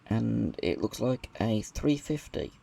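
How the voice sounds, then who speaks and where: A British man talks unhurriedly through a relaxed gameplay session, musing to himself as he watches. His voice sits low with a gravelly edge, and his pitch wanders up and down with lively movement. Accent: British English. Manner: musing aloud, slow and thoughtful. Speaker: gaming video creator. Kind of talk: casual gameplay commentary.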